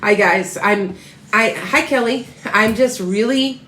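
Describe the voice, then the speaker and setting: A woman's voice: mid-range voice, takes it slowly, a bit bright, echoey room, a little hiss or hum, rough recording. A tired woman reading tarot, chatting casually and rambling on a livestream as she greets viewers by name. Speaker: tarot reader.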